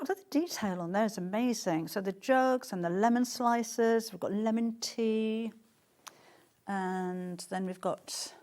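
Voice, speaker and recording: A woman's voice: fairly high pitch, a little mellow. A middle-aged woman presenting fabrics on a live sales show, chatting and gushing with lots of restarts.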